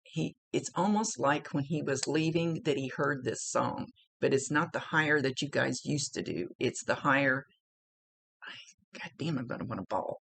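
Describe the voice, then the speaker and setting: Gravelly-voiced middle-aged woman, psychic reading. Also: extremely low pitch, moderate pace, hardly any pauses, fairly bright tone. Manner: chatty, emotional, blunt, swears freely. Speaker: psychic medium. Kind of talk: recorded psychic reading monologue.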